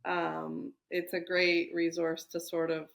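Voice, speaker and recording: A woman's voice: lowish voice, monotone, takes it slowly, vocal fry. A woman guest in a podcast interview, speaking reflectively with frequent restarts. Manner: reflective, many restarts and fillers. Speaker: guest entrepreneur. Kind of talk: conversational interview.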